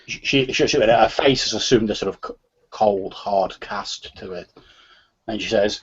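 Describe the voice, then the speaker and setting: A man narrates a tabletop game as its game master, stumbling and repeating words as he goes. His voice is slightly low and husky. The recording sounds dull and lo-fi. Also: a little slow.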